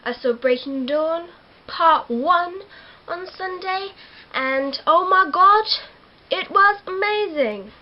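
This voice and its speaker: A teenage girl, excitably recapping a film to camera. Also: extremely high pitch, takes it slowly, dull audio. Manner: giggly, excitable, acts out characters. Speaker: vlogger. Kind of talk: casual movie recap to camera.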